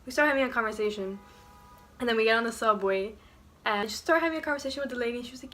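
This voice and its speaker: A woman's voice: a little high, rapid-fire. Chatty young woman telling a story. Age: young adult. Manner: chatty, lots of "like" fillers, animated retelling. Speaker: vlogger. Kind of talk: casual story time vlog. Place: college dorm room at night.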